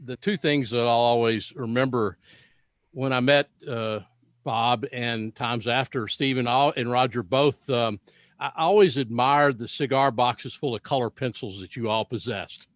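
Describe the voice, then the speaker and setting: A man's voice: mid-range voice, measured pace, no echo. A male podcast host reminiscing about colleagues, rambling with many fillers and restarts. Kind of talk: casual podcast chat.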